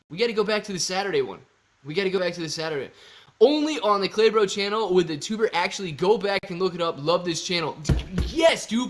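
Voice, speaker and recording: A man hosting a casual livestream, reading viewer super chats aloud in a slangy, excitable way with sudden loud bursts. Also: sits high. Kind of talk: casual live-stream chat.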